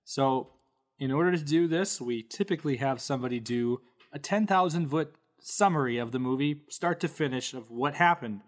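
A man's voice: medium pitch, normal speed. A man hosting a podcast, easygoing as he leads the segment in a casual chat. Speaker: podcast host.

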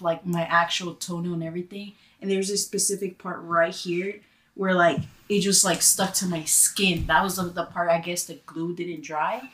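Young woman telling a profane story. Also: mid-range voice. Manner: animated, profane storytelling with lots of "like". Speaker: guest. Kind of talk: casual storytelling chat.

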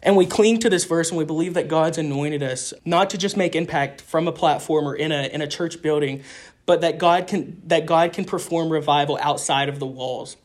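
A young man, a street evangelist, telling stories of his ministry in an earnest, animated way with frequent restarts. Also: fairly high pitch, normal speed. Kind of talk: casual interview storytelling.

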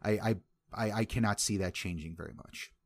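A man with a lowish voice talks fairly quickly as he hosts a casual sports podcast. He sounds upbeat and often repeats words as he starts sentences.

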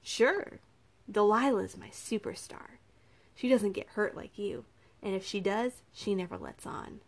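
A woman's voice: medium pitch, a little slow. A woman voicing a cruel, mocking male captor in a storybook reading, taunting and menacing.

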